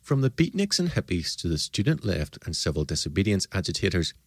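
A man giving a formal, measured lecture, pressing his points with rhetorical questions and emphatic rises. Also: sits low, sing-song, no echo. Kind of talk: formal lecture on liberty and law.

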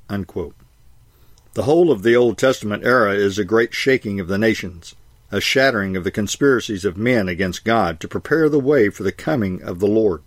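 A man reading a scripted sermon in a measured way, slowing for emphasis and saying each quotation and verse reference aloud. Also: on the low side, no echo, clean studio sound. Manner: measured, slows for emphasis, reads citations aloud. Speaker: preacher.

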